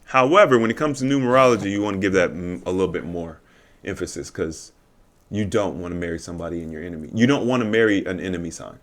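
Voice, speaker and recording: A man with a fairly low voice talks casually on a podcast. He explains at length in a relaxed way, with plenty of fillers and restarts. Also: fast. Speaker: podcast co-host. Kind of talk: casual chat.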